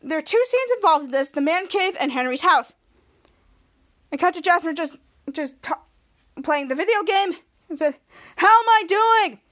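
A woman's voice: very high voice, expressive, normal speed, pauses often, a bit bright. A woman hosting a podcast, recapping a TV episode scene by scene in rambling, repetitive narration. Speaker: podcast host.

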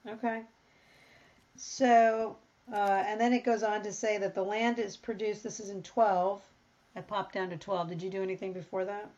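A woman's voice: medium pitch, normal speed, dull audio. Woman leading a casual Bible study. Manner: thinks aloud, reads scripture, animated when surprised.

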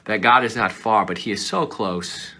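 Man preaching a sermon, low-pitched, tense bright tone, earnest with hushed whispers. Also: moderate pace, a little hiss or hum. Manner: earnest, dramatic shifts between loud pleading and soft whispers. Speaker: pastor.

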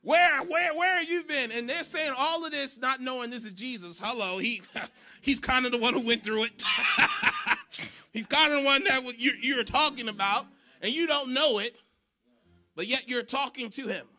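A man preaching a sermon in church, animated and shouting for emphasis. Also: extremely high pitch, normal speed. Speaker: pastor.

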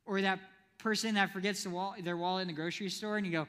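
A man preaching a youth sermon to a live audience in a church hall, playful and quick to ask the crowd questions. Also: high-pitched, fairly even intonation, bright, forceful tone. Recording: long hall reverb.

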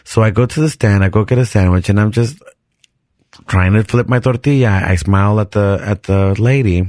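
A man hosting a podcast, telling a personal story in an animated, chatty way with frequent restarts. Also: fairly low pitch, moderate pace, no room sound, clean studio sound. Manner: animated, chatty, restarts sentences and laughs often. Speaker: podcast host. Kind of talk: casual storytelling.

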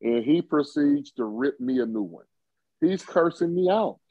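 Chuckling often and padding his tale with fillers, a fiftysomething ex-football player from Ohio rambles through a story in an interview. His voice is a little high, animated and a little slow, with vocal fry. The recording is dull, dry and lo-fi, without echo.

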